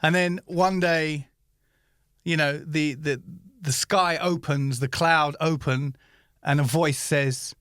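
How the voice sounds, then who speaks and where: A man's voice: a little high, slow pace, clear, resonant tone, no room sound, studio quality. A male comedian co-hosting a podcast, chatting casually and acting out little stories with voices. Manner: animated storyteller, acts out voices. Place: Moscow.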